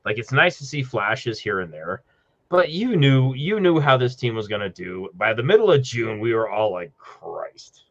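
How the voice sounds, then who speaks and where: A man co-hosting a sports talk show, cursing freely and ribbing the others with sarcasm. His voice swings widely in pitch. The call audio sounds dull and lo-fi. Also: lively intonation, moderate pace. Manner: profane, sarcastic banter. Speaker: show co-host. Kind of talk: casual sports chat.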